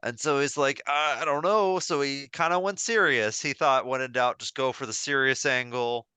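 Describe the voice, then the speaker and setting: A man's voice: medium pitch, normal speed, clear, resonant tone, no echo. A man co-hosting a podcast, retelling a story in casual chat with plenty of fillers. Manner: relaxed storytelling with filler words. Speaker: podcast co-host.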